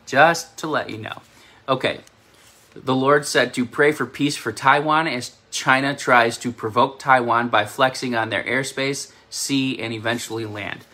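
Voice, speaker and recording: Bright-voiced New York man, chatty and rambling. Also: mid-range voice, steady tone, measured pace. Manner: chatty, rambling, laughs at himself. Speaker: self-described prophetic channel host. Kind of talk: casual spoken prophecy update.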